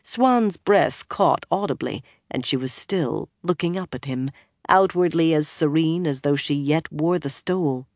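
Brief: audiobook narrator, mid pitch, steady expressive read, bone-dry studio sound. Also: measured pace, no room sound. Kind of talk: scripted fantasy narration.

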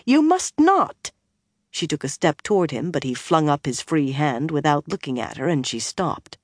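Brief: audiobook narrator, mid pitch, steady expressive read, bone-dry studio sound. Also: normal speed, dry recording. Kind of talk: scripted fantasy narration.

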